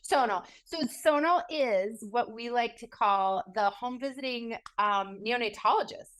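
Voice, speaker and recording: A woman's voice: on the high side, unhurried, a bit bright, clear, resonant tone. A woman co-hosting a podcast, introducing and encouraging her guest in an easy conversational manner. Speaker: podcast co-host. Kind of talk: conversational interview.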